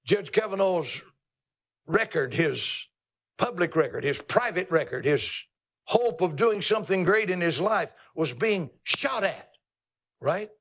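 A male pastor delivering a sermon with a folksy, teasing delivery, swinging his voice up high for emphasis. His voice sits fairly high for a man and carries a gravelly, creaky texture. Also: expressive, measured pace, fairly bright tone. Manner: emphatic, folksy and teasing, with sudden pitch leaps.

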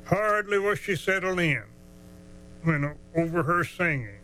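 A man telling a folksy tale, drawling and chuckling as he goes, slowing down for the dramatic parts. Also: high-pitched, lively intonation, bright, forceful tone, a little hiss or hum, rough recording. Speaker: storyteller. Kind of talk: folksy storytelling.

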